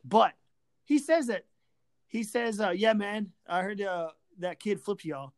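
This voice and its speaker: A woman with a medium-pitched, darkish voice hosts a sports talk show, speaking at a measured pace. She rants about a rival team with sarcasm and profanity in podcast-style chat.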